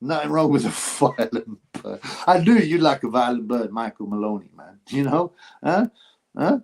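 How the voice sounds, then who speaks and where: A middle-aged man from England hosting a casual livestream, reading viewer comments in a rambling, animated way with frequent restarts. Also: mid-range voice, moderate pace, gravelly, breathy edge. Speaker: livestream host.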